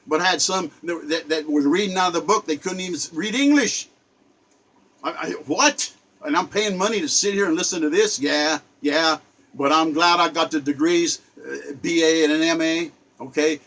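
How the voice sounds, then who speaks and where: Older man, solo monologue; indignant, repetitive, stammering restarts; voice on the higher side. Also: fairly bright tone, rough recording. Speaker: self-styled poet giving a spoken commentary. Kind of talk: impassioned spoken rant.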